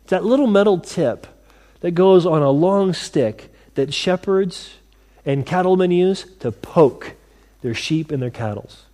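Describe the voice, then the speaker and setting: A man preaching a sermon to his congregation, animated, acting out scripture voices and dropping to quiet asides. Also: high voice, a little slow. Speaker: pastor.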